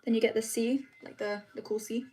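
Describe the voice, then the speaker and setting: A woman's voice: a little high, steady tone, fairly quick, mellow. A teenage girl from England chatting casually on a livestream as she reads and answers comments, often restarting her sentences. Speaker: livestream host. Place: home room.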